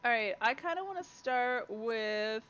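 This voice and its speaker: Over dull lo-fi stream audio, a young Canadian woman chats and laughs with viewers and a friend while playing a game. She has a fairly high, clean, slightly bright voice with lively intonation and an unhurried pace.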